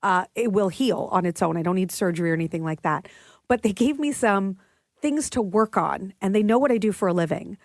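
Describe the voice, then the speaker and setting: A woman in her thirties with a slightly raspy voice, co-hosting a casual podcast chat while getting over a lost voice, chatty and self-deprecating. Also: mid-range voice, expressive, brisk, dry recording. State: recovering from voice loss. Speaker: podcast co-host.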